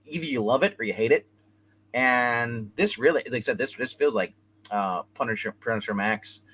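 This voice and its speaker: Bright-voiced man rambling about comics. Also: mid-range voice, expressive, breathy edge, rough recording. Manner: rambling, retells scenes with quick put-on dialogue. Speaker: comics review host. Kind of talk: casual comic book review.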